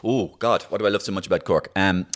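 A middle-aged Irish man, a comedian and impressionist, telling stories in a casual interview, animated and full of restarts. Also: low voice, fast talker. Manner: animated, storytelling, many restarts.

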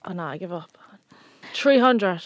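A woman's voice: lowish voice, expressive, measured pace, dry recording, studio quality. A woman with an Irish accent co-hosting a podcast, chatting casually, giggling and teasing as she reads messages aloud. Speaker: podcast co-host. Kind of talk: casual chat.

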